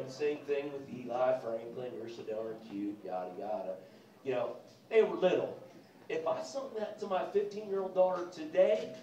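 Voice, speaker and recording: A man's voice: medium pitch, dark tone, lo-fi sound. Middle-aged man doing stand-up in an echoey club. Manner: rambling, self-deprecating storytelling with crude asides. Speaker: stand-up comedian. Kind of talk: stand-up routine. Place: comedy club stage. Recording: echoey club, mic heard from a distance. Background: audience laughter.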